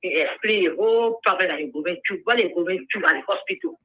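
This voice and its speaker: A woman's voice: on the low side, fast talker. A woman caller, scolding and repeating herself on a call-in radio show over a phone line. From Liberia. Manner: scolding, repetitive, rising to shouts.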